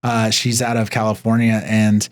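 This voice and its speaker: Animated male podcast co-host telling stories. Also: moderate pace. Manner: animated storyteller, jumps high when quoting others. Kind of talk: casual podcast chat.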